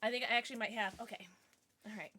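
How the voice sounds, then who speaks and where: A young woman streamer chatting casually and excitedly to her viewers, now and then cooing at her dog in baby talk. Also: fairly high pitch, rapid-fire. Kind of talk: casual livestream chat.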